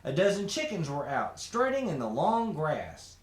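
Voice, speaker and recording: A man reads a children's story aloud with lots of expression. His voice sits high and swings widely from line to line. A roomy echo follows him. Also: normal speed. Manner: expressive, animated. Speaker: storybook reader.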